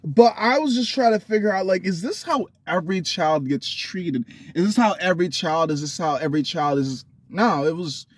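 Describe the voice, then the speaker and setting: A man's voice: high-pitched, animated, normal speed, few pauses, no echo. Blunt, profane man telling his story. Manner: blunt and profane, rambling with restarts. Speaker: vlogger. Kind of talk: candid personal storytelling.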